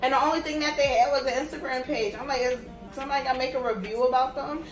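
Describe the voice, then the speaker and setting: A young woman with a fairly high voice gives a blunt, cuss-heavy review, venting her frustration in a casual ramble. She sounds set back from the mic in an echoey room, with music playing clearly behind her. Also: fairly even intonation, quick pace, far from the mic. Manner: blunt, profane, exasperated complaining. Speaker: wig reviewer.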